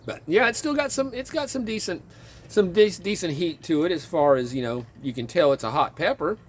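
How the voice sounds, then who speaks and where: A man casually chatting in his garden outdoors, rambling and chuckling as he talks, with a relaxed, self-interrupting way of speaking. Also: sits high, fairly quick, a little hiss or hum. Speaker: vlogger and home gardener.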